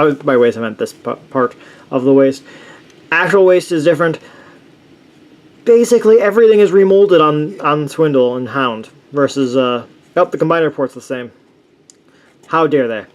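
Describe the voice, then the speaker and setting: Chatty man reviewing toys, rather high voice. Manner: enthusiastic, rambling with frequent restarts and fillers. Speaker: toy reviewer. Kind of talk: casual toy review.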